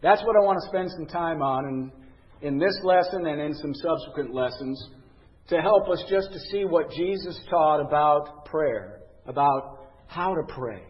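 A man's voice: fairly high pitch, moderate pace, in a large hall, lo-fi sound. A man teaching a Bible lesson, earnest and conversational, reading scripture with emphasis.

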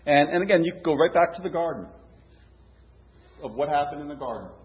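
A man's voice: fairly high pitch, lively intonation, a little fast. Man preaching with lots of rhetorical questions. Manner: conversational, rhetorical questions, frequent restarts. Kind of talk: sermon. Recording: roomy, dull, lo-fi with faint hum.

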